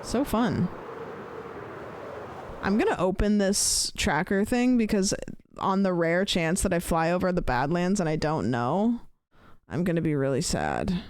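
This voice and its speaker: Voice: mid-range voice, animated, a little slow, clear, resonant tone, no room sound. A streamer chatting casually while gaming, rambling and swearing, playfully repeating phrases with different stress.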